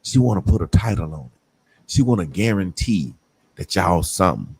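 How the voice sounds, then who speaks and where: Animated profane man on a podcast. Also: deep voice, normal speed, creaky, husky. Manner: animated, profane storytelling with mocking quoted voices. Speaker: podcast co-host. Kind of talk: casual podcast talk.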